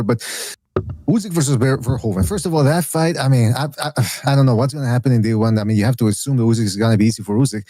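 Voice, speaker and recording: A man's voice: mid-range voice, warm tone, no echo. A man hosting a casual boxing podcast, opinionated and rambling, full of restarts and asides. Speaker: podcast host.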